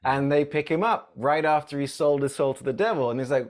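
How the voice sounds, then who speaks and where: Animated, laughing man chatting about films. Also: on the high side, brisk. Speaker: podcast co-host. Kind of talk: casual film podcast chat.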